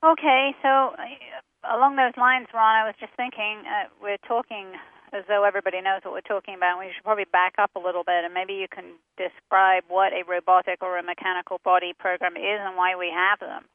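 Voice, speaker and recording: A woman's voice: mid-range voice, level tone, brisk, no echo. A woman hosting a talk show, chatting as she walks through a list of steps. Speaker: host. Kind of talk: casual radio talk. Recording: dry, tinny phone-line sound.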